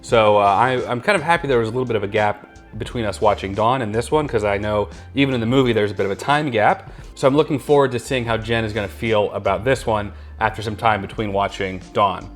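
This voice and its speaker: A man's voice: lowish voice, fast, faint music behind. A young man hosting a movie reaction video, chatting casually with a playful, teasing manner. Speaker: host of a movie reaction channel. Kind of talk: casual chat.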